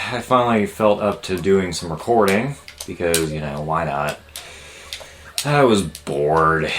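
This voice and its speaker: A young man hosting a let's play, chatting casually and rambling with jokes and loud outbursts at the game. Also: deep voice. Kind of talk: casual gameplay commentary.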